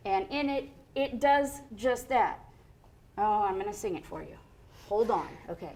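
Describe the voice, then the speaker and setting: A woman's voice: mid-range voice, big pitch swings, unhurried, a little mellow. A woman music educator in a studio, explaining rhythm to a child in a chatty, encouraging way.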